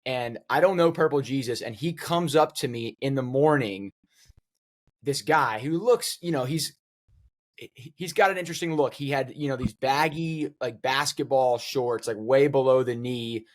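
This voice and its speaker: A man, a pro player and guest co-host, telling a rambling, animated story on a casual podcast. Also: mid-range voice, moderate pace. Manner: rambling, animated anecdote with many fillers.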